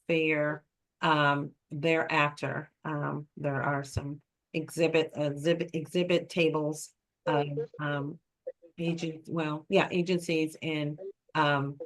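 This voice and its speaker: A woman facilitating an online meeting, speaking with many ums and easy laughter. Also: low-pitched. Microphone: video call.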